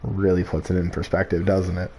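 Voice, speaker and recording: Male game streamer, lowish pitch, rambling casual chat into a desk mic. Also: level tone, a little fast, gravelly, mellow. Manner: rambling, full of "like" and restarts.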